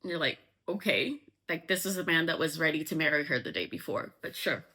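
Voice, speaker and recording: A woman retelling a novel's plot in a chatty, casual way, dropping likes and ums as she goes. Her voice sits on the lower side for a woman, with a bright, clear tone. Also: big pitch swings, fast. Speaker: book explainer.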